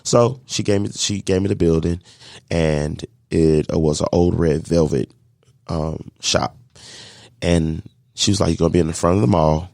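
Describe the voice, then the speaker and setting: Man, deep low voice, gravelly, animated storyteller, acting out conversations, dry close mic. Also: normal speed, no echo. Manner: animated storyteller acting out dialogue, faith-filled. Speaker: guest, catering business owner. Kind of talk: storytelling in a podcast interview.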